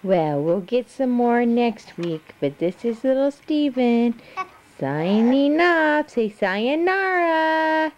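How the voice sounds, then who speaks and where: A woman's voice: a little high, expressive, slow pace. A woman, a mother, cooing to her baby in sing-song baby talk on a home video.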